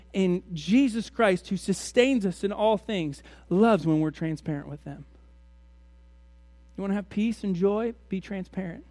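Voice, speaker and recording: A man's voice: high voice, a little mellow, no room sound. A man preaching a sermon as a pastor, in a conversational way full of rhetorical questions to his congregation.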